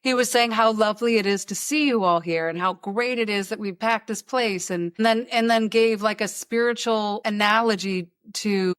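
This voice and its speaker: A woman hosting a podcast, chatting casually and telling stories with lively asides and little impressions. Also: mid-range voice, normal speed, few pauses, clean tone, dry recording, studio quality. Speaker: podcast host. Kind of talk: casual chat.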